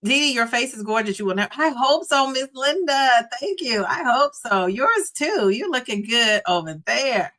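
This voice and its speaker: With a pushed, bright voice on the high side, this animated middle-aged woman talks at normal speed with hardly any pauses. She's hosting a casual live chat, laughing often and reading comments from viewers aloud.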